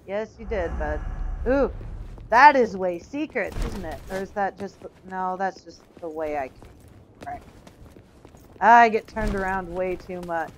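A woman hosting a let's play, giving loud commentary full of exclamations and frustrated swearing. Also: mid-range voice, animated, unhurried, long pauses, slight background noise. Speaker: gaming channel host. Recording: game music under the voice. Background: game music.

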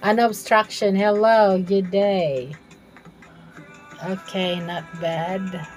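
A woman's voice: medium pitch, fairly even intonation, drawn-out words, faint music behind, poor audio. A woman streaming a game from her room at home, chatting with viewers and laughing often. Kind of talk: live gameplay stream chat.

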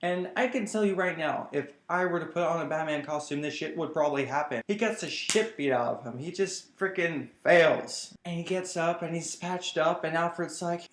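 A man gives a casual vlog review, enthusiastic and rambling. His voice sits a bit high for a man. The room around him is roomy and echoey. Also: moderate pace, gravelly. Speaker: comic book reviewer.

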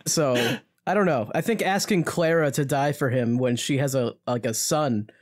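A man's voice: medium pitch, moderate pace. A man co-hosting a casual musical theatre podcast, joking and teasing his co-hosts. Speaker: podcast co-host. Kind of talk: casual chat about musicals.

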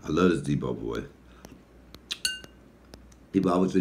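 A man with a deep voice, hosting a casual mukbang and telling animated, profane stories while he eats. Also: normal speed, long pauses. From Detroit, USA. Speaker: comedian and mukbang host. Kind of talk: casual storytelling while eating.

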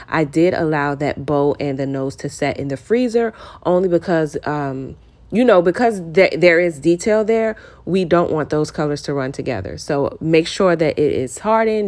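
A woman narrating her baking tutorial in a casual, chatty voice-over, talking straight to her viewers and getting excited. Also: low voice.

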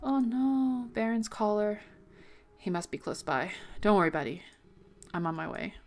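A woman's voice: mid-range voice, lively intonation, unhurried, soft background music. A young woman giving let's play commentary, reading game text aloud and reacting with worried exclamations. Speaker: gaming video host.

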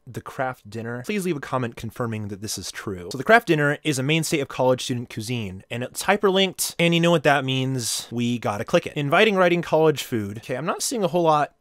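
A man's voice: mid-range voice, animated, a little fast, few pauses, a bit bright, dry recording, clean studio sound. A young man vlogging casually, rambling through jokey asides as he browses the web.

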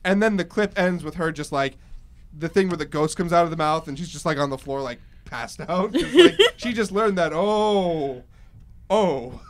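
A man hosting a casual podcast chat, an excitable storyteller who laughs often. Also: a little high, fairly quick. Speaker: host.

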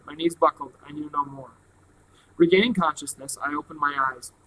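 A man reading a novel aloud in a plain, steady way. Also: a little high, a little hiss or hum, rough recording. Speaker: reader.

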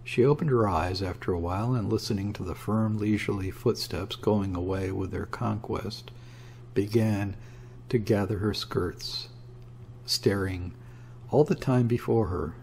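A man narrating a classic story in a measured, dramatic reading. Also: lowish voice, steady tone, vocal fry, a little mellow, a little hiss or hum. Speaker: audiobook narrator.

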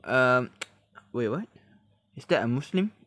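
A man hosting a reaction video, talking casually in halting English, often laughing and exclaiming. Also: mid-range voice, sing-song, heavy background noise.

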